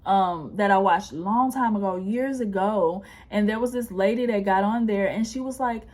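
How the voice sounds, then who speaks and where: A woman's voice: medium pitch, normal speed, a little mellow. A woman giving a casual pick-a-card tarot reading, chatty and encouraging, with lots of restarts. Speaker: tarot reader.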